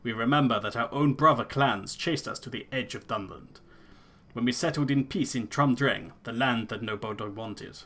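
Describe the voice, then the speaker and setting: A man's voice: mid-range voice, moderate pace, fairly bright tone, close to an everyday voice. A man voicing a solemn old clan elder with a put-on accent, reading a game character's lines aloud. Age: older. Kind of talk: gameplay voice-over of game characters.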